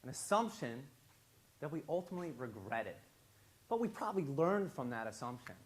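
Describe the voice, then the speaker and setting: A man telling an animated story on stage in a large, very echoey hall. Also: on the high side, brisk. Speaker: public speaker. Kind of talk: storytelling talk. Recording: very echoey hall, faint ambience.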